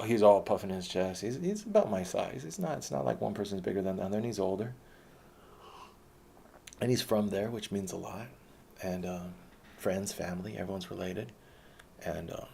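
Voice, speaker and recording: A man's voice: low-pitched, fairly quick, vocal fry, dark tone, a little hiss or hum. A man around thirty telling a personal story in a rambling, casual monologue with frequent restarts and swearing.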